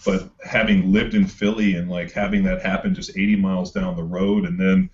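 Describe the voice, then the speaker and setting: A man's voice: deep voice, little pitch movement, normal speed. A man co-hosting a podcast, speaking in an earnest, reflective, conversational way. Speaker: podcast co-host. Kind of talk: casual conversation. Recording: dull lo-fi sound.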